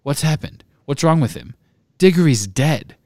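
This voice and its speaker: A man reading aloud and voicing a panicked older male official who speaks loudly. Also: a little high, expressive, moderate pace, dry recording, studio quality, pitched above the performer's own voice. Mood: alarmed. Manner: loud, alarmed exclamations.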